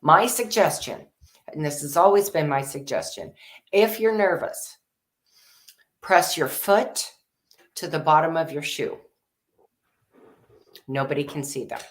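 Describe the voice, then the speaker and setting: Low-voiced, chatty woman co-host. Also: lively intonation, unhurried, pauses often. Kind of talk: casual advice chat.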